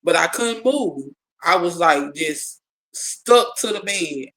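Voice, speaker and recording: An animated speaker tells a personal story in casual talk, with a gravelly edge and a bright, forceful tone. The speaker keeps repeating and restarting words while acting out each exchange for listeners. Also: mid-range voice, slow pace, low-quality recording.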